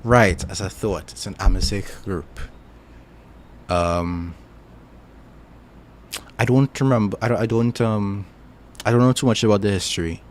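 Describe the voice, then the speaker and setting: Low-voiced Trinidadian man chatting casually. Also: a little slow, long pauses, a little hiss or hum. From Trinidad and Tobago. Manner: rambling, self-deprecating, chuckles often. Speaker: streamer. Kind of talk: casual chat stream.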